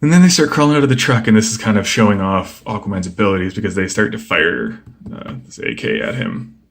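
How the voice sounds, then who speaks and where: A young man casually flipping through a comic book and chatting about each page, relaxed and rambling with lots of fillers. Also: fairly low pitch, a little fast, vocal fry. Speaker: comic book video host.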